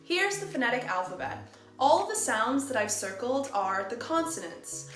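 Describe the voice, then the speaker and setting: Woman, English teacher, fairly high voice, clear and deliberate, roomy sound, soft music behind. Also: very animated. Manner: clear, deliberate, slows to demonstrate phrases. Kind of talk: scripted pronunciation lesson.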